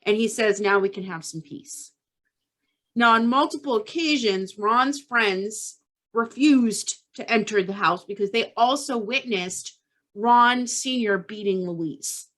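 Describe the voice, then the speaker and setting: A woman's voice: mid-range voice, fairly bright tone. Woman telling a true-crime story. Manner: keeps tagging lines with "okay?". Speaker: podcast host.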